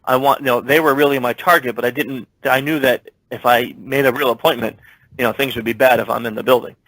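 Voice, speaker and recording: Man telling a lively work story. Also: mid-range voice, fast talker, no room sound, poor audio. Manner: animated, acts out dialogue in his stories. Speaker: security expert guest. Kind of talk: storytelling in a casual interview. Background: speaking while standing at his desk.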